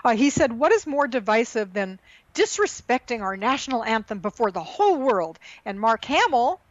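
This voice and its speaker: A woman co-hosting a casual political chat show, animated, reading tweets aloud and laughing at her own slips. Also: a little high, moderate pace, no echo. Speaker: podcast co-host. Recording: dull lo-fi sound.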